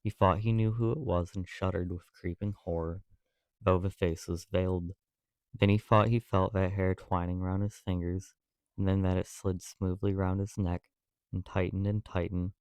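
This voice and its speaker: A man reading a classic novel aloud as an audiobook narrator, measured and even. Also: sits low, smooth, dry recording.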